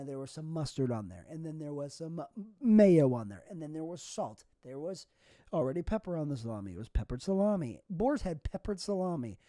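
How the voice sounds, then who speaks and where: A man's voice: mid-range voice, dark tone, no room sound, studio quality. A young man hosting a solo comedy podcast, rambling through goofy, absurd tangents. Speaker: podcast host.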